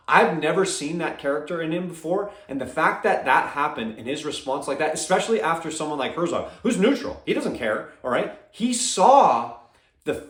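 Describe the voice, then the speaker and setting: A man talks through his fight opinions in an emphatic, casual way, tossing in "all right?" and "okay?" again and again. His voice sits somewhat high for a man. The sound has a noticeable echo, as if recorded in a bare room. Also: fairly bright tone. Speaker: MMA commentator.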